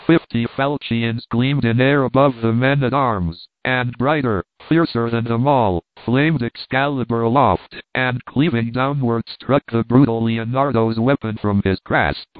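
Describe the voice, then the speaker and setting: A man reading a travel book aloud, steady and expressive, with mock-heroic flourishes. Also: medium pitch, dry recording. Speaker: audiobook reader. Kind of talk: scripted narration of a travel book. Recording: dry, narrow phone-like sound.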